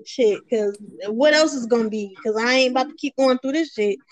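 High-voiced blunt woman co-host. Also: brisk, low-quality recording. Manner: blunt and profane, affirming her friend. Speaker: podcast co-host. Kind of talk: casual chat among friends.

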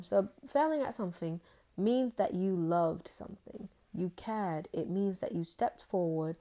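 A woman's voice: medium pitch, dark tone. A young woman talking earnestly in a casual faith vlog, rambling and full of fillers.

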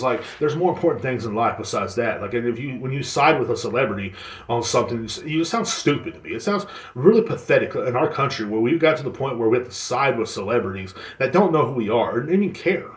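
Sarcastic swearing man ranting, echoey room. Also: mid-range voice. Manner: swearing, sarcastic, mocks others in put-on voices. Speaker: podcast host. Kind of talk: casual ranting monologue.

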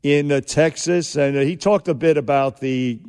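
A man's voice: a little high, normal speed, darkish tone, clean tone, in a large hall. A man co-hosting a talk radio show, blunt and joking in casual banter.

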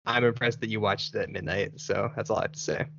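A man's voice: lowish voice, fairly even intonation, fast talker, creaky, a bit bright, highs cut off, a little hiss or hum. A man hosting a casual podcast chat, rambling and laughing often. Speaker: podcast host.

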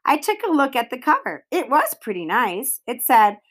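A woman reading a children's novel aloud in an expressive storytelling way. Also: fairly high pitch, normal speed, hardly any pauses. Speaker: reader.

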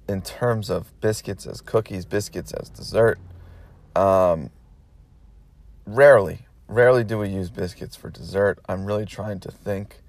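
A man's voice: sits low, vocal fry. An American man hosting a podcast, talking in a loose, rambling monologue, often repeating himself and swearing when he gets worked up. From United States. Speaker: podcast host.

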